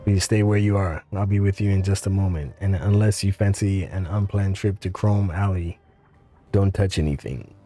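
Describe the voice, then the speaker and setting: A man voicing a pleasant, cultured male engineer with a faint Russian accent, speaking politely and in a measured way. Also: deep voice, warm tone, soft background music. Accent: faint Russian, put on.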